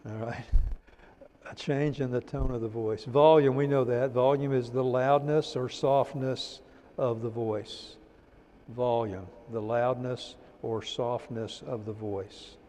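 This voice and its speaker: A man teaching a church teacher-training class, repeating key terms slowly for notes and adding folksy "amen" asides. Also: mid-range voice, steady tone, warm tone, big-room sound, slight background noise. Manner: folksy, drops in "amen" and "praise the Lord".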